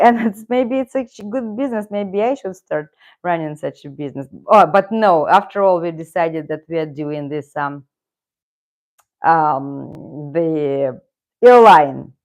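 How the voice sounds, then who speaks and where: Slow, rambling Russian-born woman. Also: low voice, a little mellow, dull audio. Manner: rambling, self-correcting, chuckles often. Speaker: channel host. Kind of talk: casual live-stream chat.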